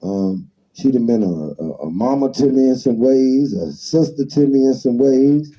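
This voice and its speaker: A man hosting a casual talk show, opening with rhythmic, hyped slang before easing into relaxed chat. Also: medium pitch, moderate pace. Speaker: show host. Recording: dull lo-fi sound.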